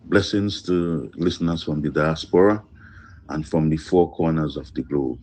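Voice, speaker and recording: A man leaving a phone voice note of condolence, slow, heavy and earnest, with pauses. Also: a bass voice, a little mellow, a little hiss or hum. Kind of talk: emotional condolence message.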